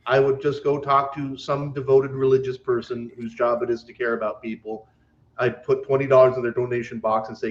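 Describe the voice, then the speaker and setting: A man's voice: mid-range voice, little pitch movement, a little fast, dull audio. A man co-hosting a podcast, telling stories bluntly with lots of swearing and acted-out quotes in casual chat. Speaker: podcast co-host.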